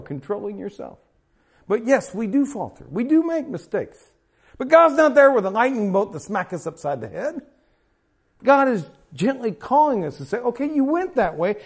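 Animated preaching man, lively high voice. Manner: animated, swings from soft asides to loud emphatic peaks. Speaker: pastor. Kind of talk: sermon. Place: small gathering room.

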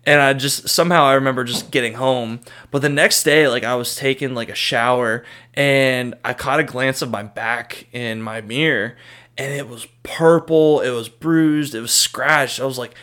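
Bright-voiced man chatting casually. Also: medium pitch, steady tone, moderate pace. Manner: laid-back, lots of "like" fillers. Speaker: podcast co-host. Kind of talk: casual chat.

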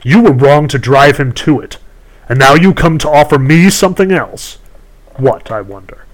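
A man's voice: on the high side, expressive, normal speed, pitched above the performer's own voice, close to an everyday voice, rough recording. Man playing a cool, condescending sorceress; haggling storybook villain. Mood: scornful. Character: scheming ageless sorceress woman who trades in stolen youth.

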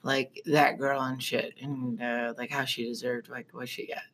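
Mock-boastful man trash-talking slowly. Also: mid-range voice, level tone, fairly bright tone. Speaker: podcast co-host. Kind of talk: casual crude chat.

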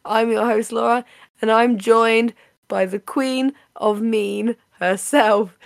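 A woman hosting a casual podcast, chatty and playful, her voice a little raspy today. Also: on the high side, steady tone, takes it slowly, no room sound, clean studio sound. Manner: chatty, playful, laughs often. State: slightly raspy voice. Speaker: podcast host.

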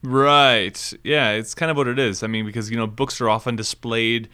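A man's voice: medium pitch, fairly even intonation, sharp tone, smooth. A man co-hosting a podcast in casual chat, playful and teasing. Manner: playful, teasing, quick to laugh. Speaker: podcast co-host.

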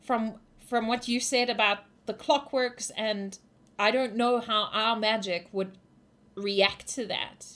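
A woman voicing a secretive, earnest female investigator in a tabletop game, speaking low and serious. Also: takes it slowly, a bit bright, slight background noise. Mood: urgent, hushed.

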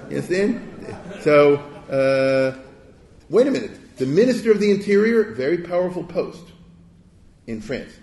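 A man's voice: on the high side, sing-song, measured pace, a little mellow. A man giving a lecture in a conversational, digressive way, often checking in with his audience with rhetorical questions. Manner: digressive, with restarts. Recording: echoey room.

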